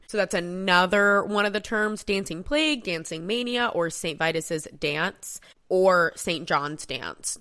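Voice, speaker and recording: Woman cohost explaining history stuff, steady, quotes her sources, kinda low voice. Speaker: podcast co-host. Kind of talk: casual history podcast chat.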